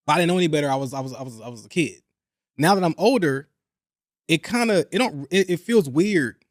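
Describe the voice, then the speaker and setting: A young man hosting a podcast, talking in a casual, animated and profane way, repeating points for emphasis. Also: a little high, no echo, clean studio sound. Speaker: podcast host. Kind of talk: casual chat.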